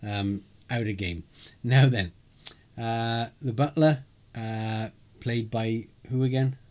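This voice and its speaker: A man's voice: mid-range voice, slow pace, a little mellow. A man co-hosting a podcast, recapping a live role-play event in casual chat, rambling and chuckling with many fillers. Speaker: podcast co-host.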